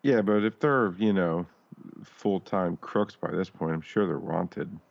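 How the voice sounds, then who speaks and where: A man's voice: sits low, a little slow, gravelly. A man co-hosting a casual podcast, recapping a scene in a laid-back, chuckling way. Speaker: podcast co-host. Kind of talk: casual chat. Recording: slightly dull audio.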